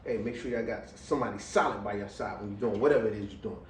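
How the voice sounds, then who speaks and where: A middle-aged man telling a personal story to viewers, lively and full of slang, swinging between loud exclamations and quiet asides and laughing often. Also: on the low side, very fast, slight background noise. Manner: casual American slang, addresses viewers as y'all. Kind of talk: animated storytelling monologue. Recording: roomy, a little distant from the mic.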